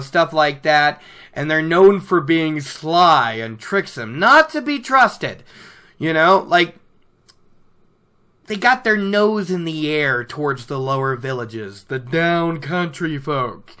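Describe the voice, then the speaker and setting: An animated podcast host who chats through a book chapter and laughs often. The delivery is unhurried, and the voice has a bright, tense edge. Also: medium pitch. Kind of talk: casual book recap chat.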